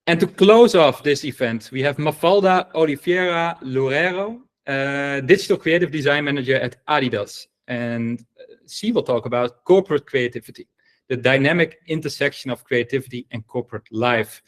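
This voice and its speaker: Male host, eager and chatty, mid-pitched voice, lots of ums while introducing speakers. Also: normal speed. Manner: enthusiastic, filler-heavy, stumbles over names. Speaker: event host. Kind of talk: live online event introduction.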